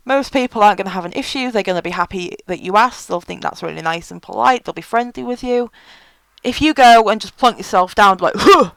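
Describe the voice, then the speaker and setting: Woman, casual vlog, frank and chatty, lots of ums, smooth clear tone. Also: medium pitch, a little fast, no echo, poor audio. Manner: frank and chatty, with many fillers. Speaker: vlogger.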